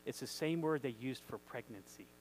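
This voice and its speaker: A male preacher giving an excitable, emphatic sermon, reading scripture aloud and asking his listeners questions. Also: medium pitch, moderate pace, a little hiss or hum, rough recording.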